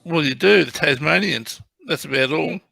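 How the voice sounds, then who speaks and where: A man chatting casually as co-host, halting and restarting as he talks. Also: a little high, vocal fry, sharp tone, dry recording. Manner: halting, with repeated starts. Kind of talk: casual chat.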